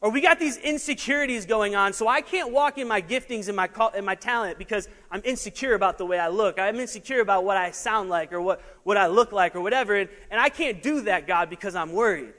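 High-voiced man preaching in a reverberant hall. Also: fast talker, hardly any pauses. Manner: animated, laughing asides, juggling while preaching. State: out of breath at times. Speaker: pastor. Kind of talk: sermon.

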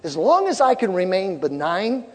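Animated preacher in a big reverberant hall. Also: male voice, high voice, normal speed. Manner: animated preaching, shouting peaks, repeated phrases. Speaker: pastor. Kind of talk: sermon. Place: large church sanctuary.

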